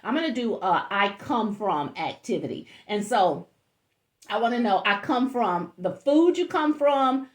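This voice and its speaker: A woman's voice: fairly high pitch, expressive, unhurried, roomy sound. A woman coaching a group of parents, straight to the point and encouraging. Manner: straight to the point, encouraging, leads call-and-response icebreaker. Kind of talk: workshop talk to parents.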